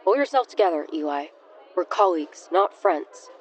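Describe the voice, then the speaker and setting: A woman's voice: on the low side, expressive, normal speed, a faint crowd, a little hiss or hum, close to an everyday voice. A woman voicing a mocking young man in a spoken story, talking in a sneering, biting way. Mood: cruel.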